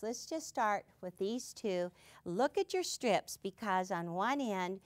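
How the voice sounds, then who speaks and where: A woman's voice: mid-range voice, sing-song, unhurried, dry recording. A woman hosting a quilting show, demonstrating cutting and sewing steps in a cheerful, playful way.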